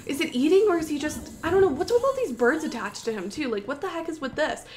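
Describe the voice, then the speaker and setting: A young woman with a high, bright-toned voice talks through gameplay in an excitable, panicky way, gasping and exclaiming. A faint hiss of noise sits under her voice. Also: fast. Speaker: gaming YouTuber. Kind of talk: gameplay commentary.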